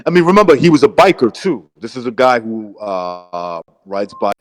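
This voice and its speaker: A man's voice: medium pitch, very animated, normal speed, poor audio. A man co-hosting a casual podcast, emphatic, swearing and saying dude and bro. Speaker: podcast co-host.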